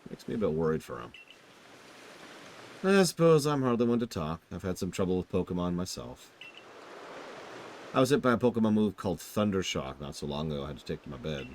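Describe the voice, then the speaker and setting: A young village woman from a video game, read out by a man, earnest and a bit fretful. The delivery is low-pitched and lively. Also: brisk, long pauses, a little hiss or hum. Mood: concerned.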